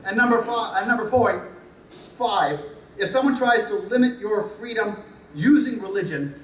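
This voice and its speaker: Brash higher-voiced male speaker with a New Jersey accent, wry and blunt, heard from a distance with faint room noise. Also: normal speed. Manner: blunt, joking, punchy repetition. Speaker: conference speaker. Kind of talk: humorous conference talk. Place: large hall. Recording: echoey hall recorded from a distance.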